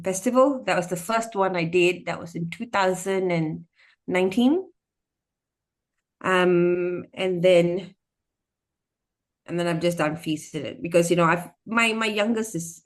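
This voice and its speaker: Animated woman storyteller. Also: on the low side. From Singapore. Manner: animated, expressive, slips into acted voices. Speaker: storyteller and educator, guest. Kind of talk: casual interview conversation.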